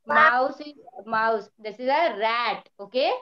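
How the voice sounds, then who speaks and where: A woman teacher who speaks slowly and patiently, repeating words for young pupils. Her voice sits fairly high, and the recording is dull and lo-fi. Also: slight background noise. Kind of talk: online primary school lesson.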